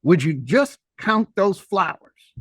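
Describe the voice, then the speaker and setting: A man's voice: sits high, big pitch swings, slow pace, a bit bright, slightly rough, no room sound, clean studio sound, full character voice. A man voicing a kind older woman who speaks firmly and with motherly care. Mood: insistent.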